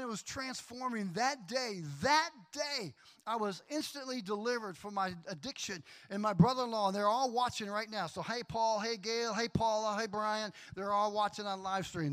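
A middle-aged man preaching a sermon, telling a personal story in a lively, animated way and acting out voices. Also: high voice. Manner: animated storyteller, acts out voices, laughs often. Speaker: pastor.

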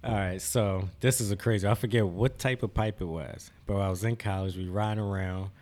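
A man's voice: fairly low pitch, steady tone, a little fast, darkish tone. A young man, a podcast guest, rambling through stories and laughing through his words. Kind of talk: casual chat.

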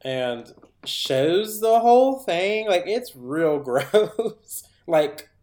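A man's voice: high-pitched, big pitch swings, drawn-out words, darkish tone, echoey room. A man co-hosting a podcast, retelling a movie in a casual, rambling way with lots of fillers and acted-out lines. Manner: rambling, filler-heavy, acts out characters' lines. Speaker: podcast co-host.

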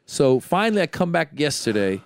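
A man hosting a podcast, telling a story in an animated, self-deprecating way. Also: on the high side, fairly quick. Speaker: podcast host. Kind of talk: casual chat.

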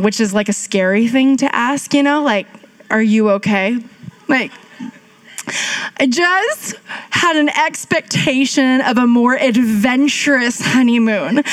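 A woman pastor in her thirties preaching a sermon as a chatty, self-mocking story, acting out the voices she quotes. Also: high voice.

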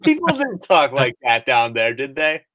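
A man's voice: mid-range voice, wildly swooping pitch, moderate pace, pushed and bright, no room sound, clean studio sound. A man co-hosting a casual sports podcast, wry and teasing, laughing easily. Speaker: podcast co-host.

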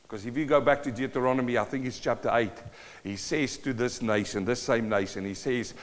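A man preaching a sermon, emphatic, swinging between loud and quiet, reading scripture slowly and deliberately. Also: medium pitch. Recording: long hall reverb.

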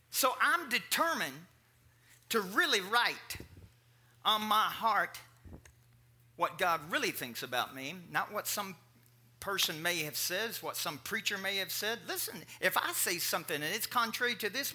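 Animated, bright-voiced preacher man. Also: sits high, a little slow, long pauses, breathy edge. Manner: joking asides, animated and conversational. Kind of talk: sermon.

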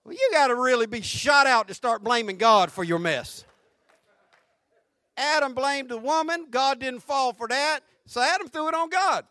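High-voiced fervent preacher man. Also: expressive, moderate pace, no room sound, clean studio sound. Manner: fervent preaching, swinging from hushed to shouting, with repetition. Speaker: pastor. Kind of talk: sermon.

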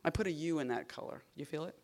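Deep-voiced and quick, a woman poet talks offhandedly between the poems of her reading. She rambles with a wry edge, breaks off her own sentences, and shifts between loud bursts and murmured remarks.

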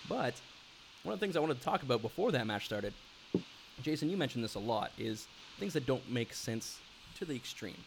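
A man co-hosting a wrestling podcast in casual chat, excitable and swearing casually. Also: mid-range voice, fairly quick, vocal fry, background noise. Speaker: podcast co-host.

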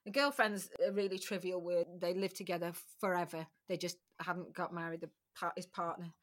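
A woman's voice: fairly low pitch, steady tone, a little fast. A middle-aged woman, a podcast guest, recounting a personal story candidly and emotionally, with frequent restarts and occasional swearing.

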